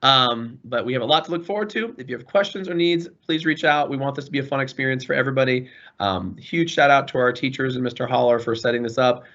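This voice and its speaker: A man's voice: medium pitch, fast talker, highs cut off. A man running an online information session for parents, earnest and apologetic as he answers questions. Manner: earnest, apologetic, warm toward students. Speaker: school administrator. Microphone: video call.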